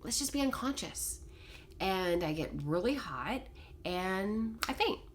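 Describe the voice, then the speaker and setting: A middle-aged woman telling a personal story to camera in a casual, animated, self-deprecating way. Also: medium pitch, takes it slowly, a little hiss or hum. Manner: animated, self-deprecating, quotes others in dialogue. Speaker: vlogger telling a life story.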